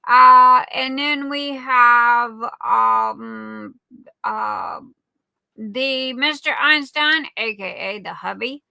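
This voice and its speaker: A very animated woman with a fairly high, gravelly yet clear and resonant voice stretches out her words, with no room sound. She hosts a livestream, giving warm, chatty shout-outs to viewers by name and calling them darling.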